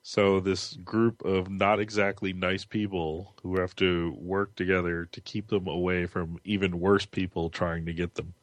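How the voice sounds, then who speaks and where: A man's voice: low voice, little pitch movement, measured pace, few pauses, no room sound. A man co-hosting a casual chat about TV and comics, enthusiastic and laughing as he talks. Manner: enthusiastic, laughs while talking. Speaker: podcast co-host.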